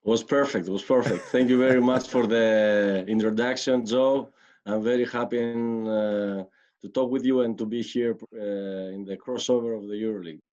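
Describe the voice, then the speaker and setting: A man's voice: on the low side, fairly even intonation, moderate pace, a little mellow, highs cut off. A middle-aged man from Greece with a Greek accent, answering interview questions carefully in English with many fillers. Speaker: basketball coach, guest.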